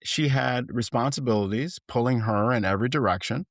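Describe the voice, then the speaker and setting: A man hosting a solo podcast as a life coach, speaking in an earnest, gentle and reflective way, and rising in emphasis as he lists points. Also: medium pitch, fairly quick, dry recording, studio quality.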